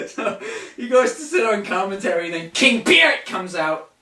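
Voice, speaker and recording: A young man ranting through a wrestling recap in a sarcastic, foul-mouthed, mocking way. His voice is bright and a little high. He sounds off-mic in an echoey room. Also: big pitch swings, normal speed, far from the mic. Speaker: wrestling review co-host. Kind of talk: casual review chat.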